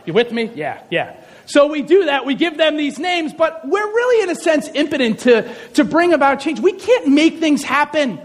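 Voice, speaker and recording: Man, very high voice, lively comic sermon, acts out stories, long hall reverb. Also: normal speed. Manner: animated, joking, acts out scenes. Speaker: speaker, high school teacher.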